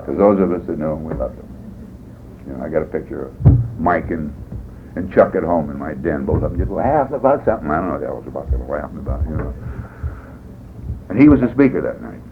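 A man's voice: rumbling low, expressive, fast, pauses often. A man speaking at a recovery meeting, telling his story in a rambling, folksy way with wry humor. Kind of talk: personal testimony talk. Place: meeting room. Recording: tinny lo-fi tape with faint hiss.

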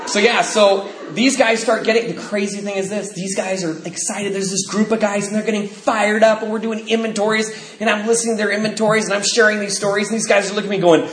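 A man sharing his recovery story with a meeting, lively, acting out what people said and laughing often. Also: high-pitched, fast talker, hardly any pauses. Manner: animated, acts out quoted dialogue, laughs often. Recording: echoey room, faint noise.

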